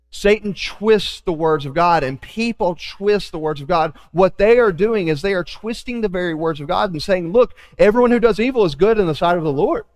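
A man preaching a sermon as pastor, animated, acting out quoted voices with joking asides. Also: a little high, in a large hall.

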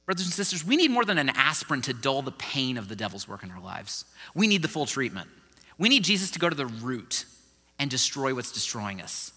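A male pastor delivers a sermon in a high, very bright, sharp voice whose pitch swings widely up and down. He preaches in a conversational, animated way, and the sound carries a long reverb like a big hall.

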